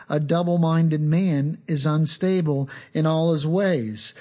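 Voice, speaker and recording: A man's voice: on the high side, darkish tone. Man giving an earnest sermon. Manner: earnest, unhurried teaching with small repetitions. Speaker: pastor.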